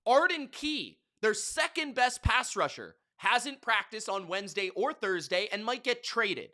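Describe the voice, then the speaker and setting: A man delivers sports betting picks in a brash, slangy hype style. His voice is bright and edgy, and he takes his time, stretching out his words at an unhurried pace. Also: sits high, sing-song. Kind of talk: hyped sports betting monologue.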